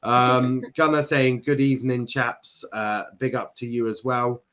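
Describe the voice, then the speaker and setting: A man from Ireland hosts a casual football talk show and reads out comments from the chat. He laughs often and stumbles into quick restarts. His voice comes through a dull, lo-fi mic. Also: mid-range voice, little pitch movement, fairly bright tone. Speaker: podcast host reading chat. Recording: dull lo-fi sound.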